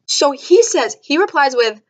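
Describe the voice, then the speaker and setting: A young adult woman telling stories to camera in a casual, animated way, jumping up to high shrieks of disbelief. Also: unhurried. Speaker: vlogger. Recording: dull lo-fi sound.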